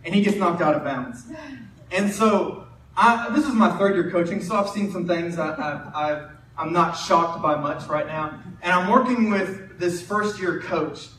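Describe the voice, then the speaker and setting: A man's voice: high voice, a little slow, slight background noise. A young man preaching a casual sermon. He tells a coaching story in a chatty way, often restarting his words. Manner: conversational, self-interrupting, animated storyteller. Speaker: preacher and high school football coach. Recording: roomy distant mic in a hall.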